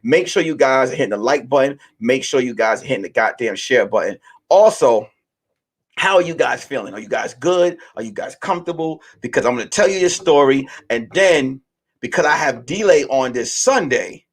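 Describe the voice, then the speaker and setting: A man in his late thirties hosting a casual monologue for his listeners, telling stories in a loose, animated way and swearing freely. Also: mid-range voice, normal speed. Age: late 30s. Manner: profane, animated storytelling. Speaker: podcast host.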